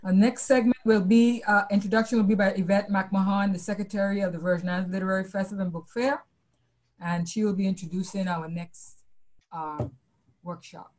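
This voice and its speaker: A woman moderating a webinar on a video call, thanking speakers and briskly moving to the next. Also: medium pitch, fairly even intonation, a little mellow. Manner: brisk, keeps things moving.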